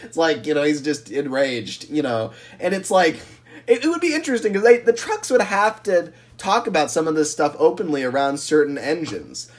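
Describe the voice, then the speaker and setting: A man co-hosting a casual podcast, animated and rambling, laughing often as he riffs on ideas. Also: a little high, normal speed. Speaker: podcast co-host. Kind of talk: casual chat.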